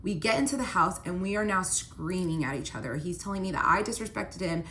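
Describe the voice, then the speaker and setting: A woman's voice: mid-range voice, brisk, few pauses, fairly bright tone. A woman telling a personal story in a casual storytime style, chatty and full of "like", talking straight to her viewers. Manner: chatty, heavy use of "like"; addresses the viewers directly.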